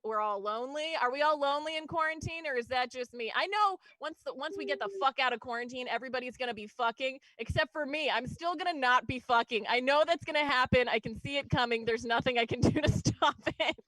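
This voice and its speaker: A woman's voice: high voice, fast talker, hardly any pauses, a bit bright, dry recording, low-quality recording. Rambling, self-mocking woman comic. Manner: rambling, self-deprecating, frequent fillers and laughs. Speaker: stand-up comic. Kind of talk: stand-up set on a livestream.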